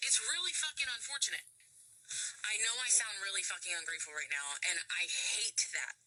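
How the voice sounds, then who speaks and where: A woman's voice: medium pitch, a little fast, pushed and bright, rough recording. An American woman and parent ranting angrily about costs, frustrated and swearing often. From United States. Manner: frustrated, profane, heated. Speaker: parent venting online. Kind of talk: angry personal rant.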